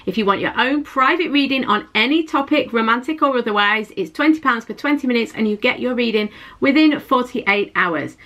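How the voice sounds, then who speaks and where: A woman's voice: on the high side, animated, a little fast, few pauses, fairly bright tone. A woman giving a chatty, intuitive tarot reading to her viewers, often repeating and restarting her phrases. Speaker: tarot reader.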